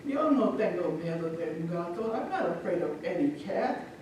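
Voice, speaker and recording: A woman's voice: fairly low pitch, big pitch swings, moderate pace, a little mellow, a little hiss or hum. A woman playing a boastful, cowardly father who blusters in Spanish and English, heard from far off in an echoey hall. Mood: blustering. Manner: blustering, then panicky, mixing Spanish and English. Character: boastful cowardly father, middle-aged man.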